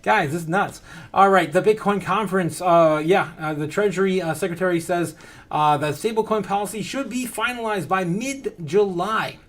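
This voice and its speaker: This livestreamer is a man whose voice is notably high, and he talks at a moderate pace in a relaxed, excited way. Frequent laughter, chat messages read aloud and quick topic changes fill his stream.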